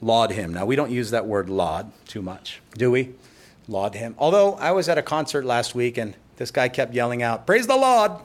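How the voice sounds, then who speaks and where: A pastor preaching a sermon in church, explaining scripture in a conversational way with playful asides. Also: male voice, mid-range voice, normal speed, slight background noise.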